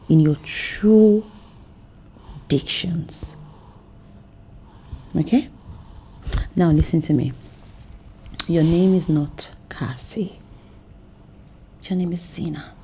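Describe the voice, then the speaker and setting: A Nigerian actress playing a controlling woman who claims to be a mother, speaking slowly and insistently, often hushed. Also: lowish voice, breathy edge. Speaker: actress in a film. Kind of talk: film drama acting.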